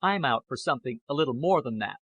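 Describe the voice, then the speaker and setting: A man voicing a blunt, greedy, unpleasant scientist who speaks with slow, deliberate emphasis. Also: medium pitch, animated, fairly bright tone, slightly rough, no room sound, lo-fi sound. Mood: sneering.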